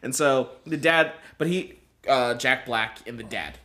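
A man's voice: mid-range voice, unhurried, bright, forceful tone. Blunt, profane man on a podcast. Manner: blunt and profane, prompts the story along. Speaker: podcast co-host. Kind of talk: casual chat recapping a movie. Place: in person, indoors.

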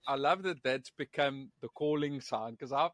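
A man's voice: mid-range voice, moderate pace, dry recording. Swearing South African man, dry sound. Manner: lively, profane, repeats words at the starts of phrases. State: living abroad in England. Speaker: podcast guest. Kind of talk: casual storytelling chat.

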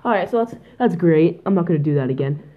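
A woman's voice: fairly low pitch, expressive, quick pace, mellow. A teenage girl from Canada hosting her own podcast alone, in a goofy, rambling and mock-dramatic way. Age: teens. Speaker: podcast host. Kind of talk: solo podcast chat. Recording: tinny phone-like home mic.

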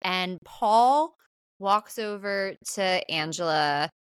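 Animated woman recapping a movie. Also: mid-range voice, slow pace, clean tone, no room sound. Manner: animated storyteller, acts out quotes. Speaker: podcast co-host. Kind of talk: casual film recap chat.

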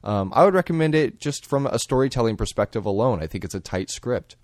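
A man co-hosting a podcast, giving a measured, thoughtful film recommendation with frequent ums. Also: medium pitch, animated, no room sound. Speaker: podcast co-host. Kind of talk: casual film discussion.

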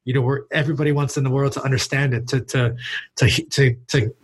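A man's voice: medium pitch, fairly even intonation, fairly quick, slightly rough, poor audio. A man hosting a casual podcast discussion in an easygoing way, reading passages aloud and then giving his take. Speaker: podcast host.

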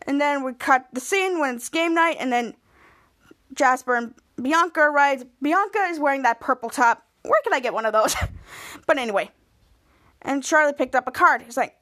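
Female podcast host, high voice, casual rambling episode recap. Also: normal speed, a bit bright. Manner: rambling, lots of "and then" restarts.

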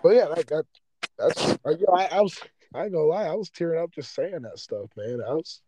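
A man's voice: on the high side, expressive, a little fast, warm tone, no room sound, poor audio. A man hosting a podcast, ranting with heavy profanity and raw emotion in a rambling, casual way. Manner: impassioned, heavily profane, rambling. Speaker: podcast host.

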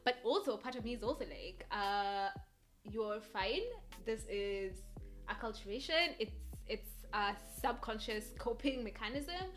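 A young woman from Kenya, hosting a casual solo podcast, speaks in a mid-range voice at a slightly slow pace over soft background music. Her Kenyan English leans American, and she rambles, skips between thoughts, and laughs often.

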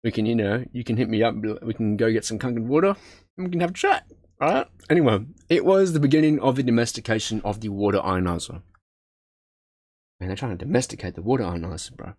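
A man's voice: mid-range voice, expressive, fast talker, darkish tone, no echo, studio quality. A man reading text aloud with frequent stumbles and self-corrections, breaking off into casual asides. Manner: stumbles over words, swears and laughs at himself; reads aloud, then breaks into chatty asides.

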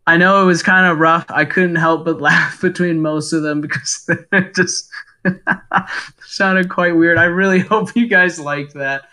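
A young man co-hosting a casual podcast, laughing often as he runs through quick grunts and death-cry impressions. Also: a little high, fairly even intonation, pushed and bright. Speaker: podcast co-host. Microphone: home microphone.

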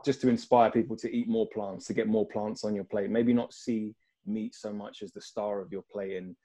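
A man's voice: lowish voice, fairly even intonation, normal speed, mellow. A man with a London accent, a guest speaking earnestly and thoughtfully in a casual video-call conversation. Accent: London English. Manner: reflective, earnest, thinks aloud.

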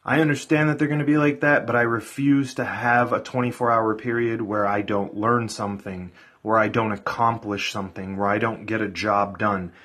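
A man's voice: on the low side, fairly even intonation, moderate pace, fairly bright tone, husky. A man giving a blunt, profane motivational pep talk to his viewers in a casual vlog. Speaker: vlogger.

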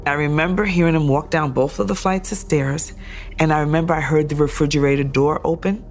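Gravelly-voiced woman recounting her ordeal. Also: sits low, fairly quick, soft background music. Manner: steady, detailed retelling, acting out remembered thoughts and dialogue. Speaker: survivor telling her story. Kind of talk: documentary testimony.

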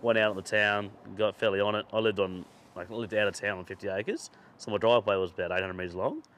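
A low-voiced, cursing storyteller man. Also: quick pace, a bit bright. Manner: swears freely, laughs through his stories. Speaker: podcast host. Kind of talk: casual chat, rambling anecdote.

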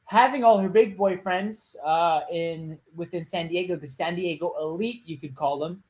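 A man's voice: high voice, darkish tone. A man hosting his own show, casually retelling a true crime story with joking asides and loose, rambling phrasing. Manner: chatty, loose, with joking asides and quick put-on voices. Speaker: podcast host.

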